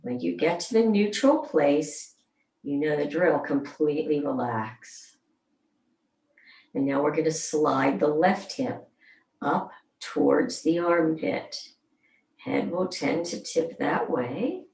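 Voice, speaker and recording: A woman leading a gentle somatic movement class, calmly guiding each move and counting slowly aloud. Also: low voice, vocal fry. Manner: slow, soothing, counts aloud. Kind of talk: guided exercise class. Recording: roomy sound, mic at a distance.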